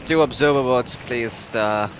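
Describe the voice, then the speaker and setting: A man's voice: medium pitch, a little slow, slight background noise. A man doing color commentary on a live esports match, dry and sarcastic. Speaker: esports caster.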